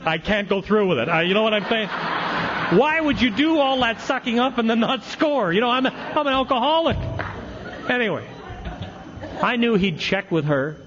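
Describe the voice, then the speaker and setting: His voice is very high and animated, and he talks at a normal speed. A middle-aged AA speaker, he recounts his recovery with wry, self-deprecating humor before a meeting hall audience, recorded on dull, faintly hissing lo-fi tape.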